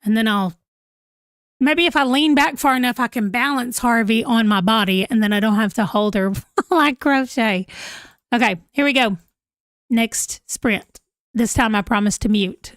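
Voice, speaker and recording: A woman's voice: a little high, moderate pace, dry recording, clean studio sound. A woman, chatting casually on a livestream at home, giggling as she reacts to viewer comments. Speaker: livestream host. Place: home room, holding a pet.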